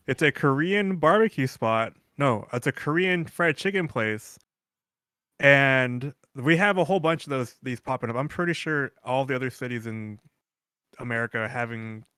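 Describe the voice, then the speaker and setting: A man co-hosts a podcast in loose, casual chat, wandering through stories and swearing freely. His voice is bright and crisp. The sound is dry and close. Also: medium pitch, no room sound. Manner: rambling storyteller, curses freely. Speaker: podcast co-host.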